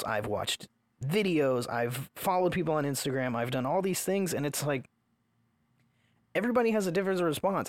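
A man's voice: on the high side, dry recording, studio quality. A man in casual podcast chat about parenting, earnest and opinionated, swearing for emphasis. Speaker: podcast co-host, father.

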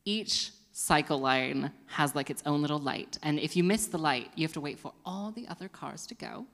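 A woman's voice: deep voice, moderate pace, fairly bright tone, big-room sound. Self-mocking woman doing stand-up. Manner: rambling, self-mocking, laughs at own jokes. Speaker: comedy show host. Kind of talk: stand-up comedy. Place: performance venue with live audience.

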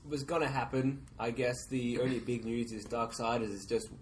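A man's voice: medium pitch, fairly even intonation, a little fast, slight background noise. A man co-hosting a gaming podcast, dry and understated in casual chat. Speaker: podcast co-host.

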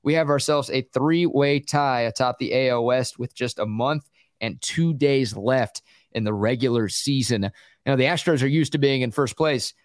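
A man co-hosting a sports talk radio show, breaking down the standings with energy and quick stats in a studio. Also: medium pitch, no echo. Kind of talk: casual sports talk and analysis.

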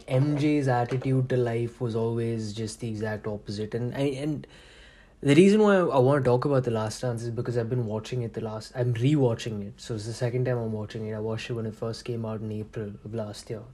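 A man's voice: mid-range voice, steady tone, a little fast, mellow. Profane, rambling young podcast host man. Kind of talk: casual podcast monologue.

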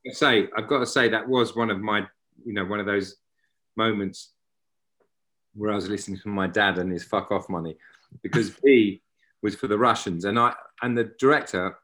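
Low-voiced actor, rambling. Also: male voice, steady tone, normal speed, a bit bright. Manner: rambling, self-interrupting, anecdotal. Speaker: actor, guest. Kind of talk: casual interview chat.

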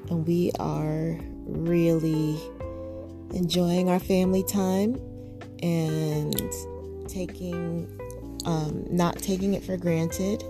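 Woman, podcast host and mother, casual chat, earnest, many fillers and restarts, lowish voice. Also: fairly even intonation, extremely slow, over music.

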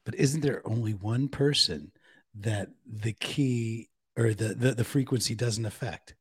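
A man's voice: lowish voice, unhurried, slightly rough. A man hosting a casual chat show, talking enthusiastically and thanking his audience directly. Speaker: host.

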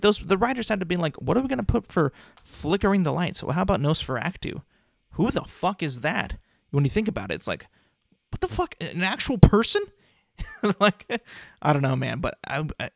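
Gravelly young man rambling casually. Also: medium pitch, no room sound, studio quality. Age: 20s. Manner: rambling, frequent restarts and filler words. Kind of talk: casual commentary on a cartoon ranking.

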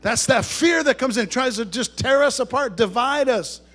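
A man's voice: extremely high pitch, normal speed, fairly bright tone. A man preaching a sermon to a congregation, talking conversationally, joking with the listeners, and rising to emphatic bursts. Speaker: pastor.

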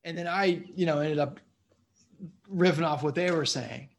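A man's voice: on the high side, normal speed, vocal fry. A man, a stand-up comedian, telling stories casually in a podcast interview, rambling with lots of "you know what I mean.". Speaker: comedian guest.

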